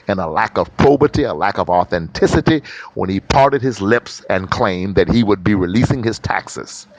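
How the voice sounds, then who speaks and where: A man hosting a political commentary podcast, talking emphatically and repeating phrases for stress. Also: fairly low pitch. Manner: spells out words slowly. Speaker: podcast host. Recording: dull lo-fi podcast audio with faint noise.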